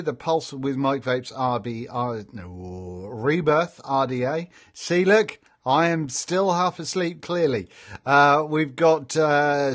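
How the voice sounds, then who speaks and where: Guy hosting a live stream, reads out chat, jokey, bit high voiced. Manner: chatty and jokey, laughs often. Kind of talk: casual live stream chat reading viewer comments.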